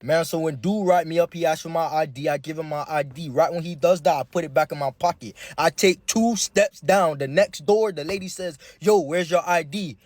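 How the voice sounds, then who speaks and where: A young man with a fairly high voice tells a story in a casual, slang-filled way. He talks straight to the listener. The sound is dry and close, with no room echo. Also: brisk, hardly any pauses. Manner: animated, slangy, addresses the listener directly.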